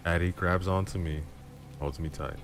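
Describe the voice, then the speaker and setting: Very deep-voiced man reading a story. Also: fairly even intonation, noisy background. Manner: low, slow, intimate. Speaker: storyteller streamer. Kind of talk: dramatic horror story reading. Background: background music and rain.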